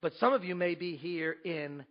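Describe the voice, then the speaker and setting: A man preaching a sermon as pastor, emphatic, with rhetorical questions, swinging between loud and hushed. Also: fairly high pitch, moderate pace, muffled recording.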